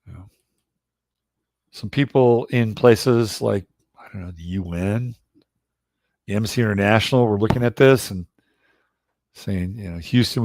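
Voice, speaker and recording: A man's voice: on the low side, darkish tone, no room sound, studio quality. A middle-aged man hosting a casual livestream about astrology, rambling and blunt, with occasional swearing. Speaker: astrologer host.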